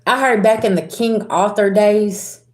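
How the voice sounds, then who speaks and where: A woman's voice: mid-range voice, steady tone, measured pace, roomy sound. A woman giving a casual tarot reading to her viewers, talking bluntly with sass, slang and swearing. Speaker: tarot reader.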